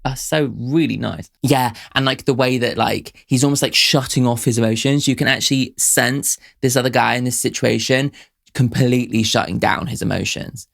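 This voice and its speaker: Gravelly young man reacting to songs. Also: mid-range voice, fairly even intonation, normal speed, fairly bright tone. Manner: chatty, self-deprecating, breaks into laughter often. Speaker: music reaction host. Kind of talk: casual song reaction and analysis.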